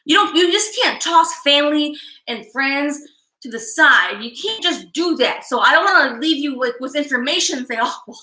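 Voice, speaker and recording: A woman from Chicago hosting a live psychic stream, talking fast with intense energy. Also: high-pitched, animated, pushed and bright, reverberant, poor audio. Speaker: psychic livestream host. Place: live-stream setup, indoors.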